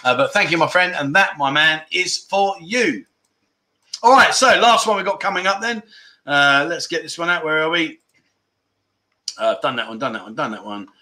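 A man's voice: a little high, moderate pace, bright, forceful tone. A man from England hosting a casual livestream, reading out viewer comments and laughing often between lines. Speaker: livestream host.

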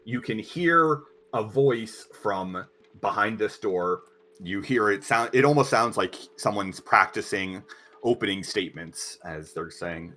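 A man narrating as game master of a tabletop game, relaxed with some fillers. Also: fairly low pitch, measured pace.

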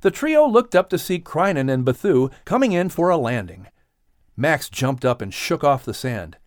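A man's voice: on the high side, normal speed, no room sound, clean studio sound. A man reading a children's animal adventure audiobook aloud, acting out the animal characters. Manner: expressive, acts out the animals. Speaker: audiobook narrator. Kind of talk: storybook narration.

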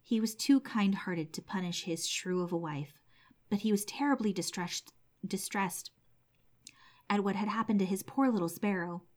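A woman's voice: medium pitch, normal speed. Woman narrating an old storybook tale.

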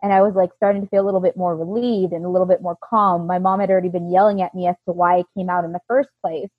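Woman narrator, slightly husky voice, candid emotional testimony, dull dry recording. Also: on the low side, flat delivery, fast talker, no echo. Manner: earnest, emotional retelling with many quoted lines. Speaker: personal storyteller.

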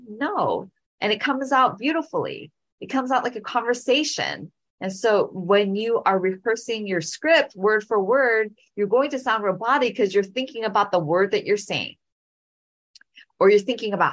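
A middle-aged woman hosting a podcast, telling a story and giving speaking advice in an animated way, often repeating phrases. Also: medium pitch, normal speed. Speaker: podcast host and speaking coach.

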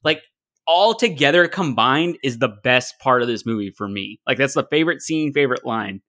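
A man co-hosting a casual movie podcast, animated, acting out quotes and swearing. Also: medium pitch, fairly quick. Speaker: podcast co-host. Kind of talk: casual chat.

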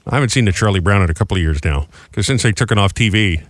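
A man's voice: lowish voice, lively intonation, racing. A man hosting a radio show, chatting casually and reading out news items with jokes. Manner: chatty, jokey, reads news items aloud. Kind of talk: casual morning show banter.

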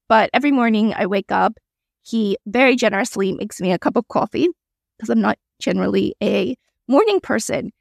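A woman's voice: fairly high pitch, creaky, slightly rough, no room sound, studio quality. A woman hosting her own podcast, talking alone in a chatty, candid way with frequent small laughs and asides. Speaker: podcast host. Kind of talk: solo reflective podcast talk.

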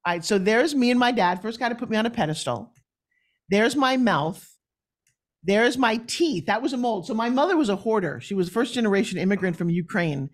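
A woman's voice: medium pitch, fairly quick. Emphatic New York woman guest. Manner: emphatic, blunt, animated storyteller. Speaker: podcast guest. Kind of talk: candid interview storytelling.

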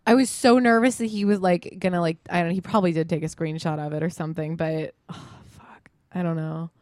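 Animated chatty woman podcaster. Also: fairly low pitch, fast talker, no room sound, studio quality. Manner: animated storytelling, swears, laughs often. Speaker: podcast co-host. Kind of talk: casual chat.

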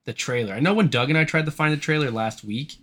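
Co-hosting a casual horror movie podcast, a young man chats in a laid-back way, laughing a lot and swearing freely. His mid-range voice is a bit bright, and he talks fast.

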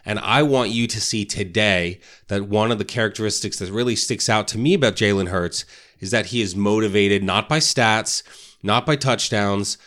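A man's voice: lowish voice, fairly bright tone. A man hosting a motivational talk for realtors, casual, often tagging "right?" onto his points. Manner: casual, keeps asking "right?". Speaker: real estate podcast host.

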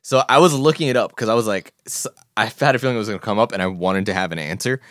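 A young man talks through an anime with friends in loose casual chat, breaking into loud character impressions now and then. His voice sits somewhat low, and the sound is dry and close with no room around it. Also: quick pace, no room sound. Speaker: podcast co-host.

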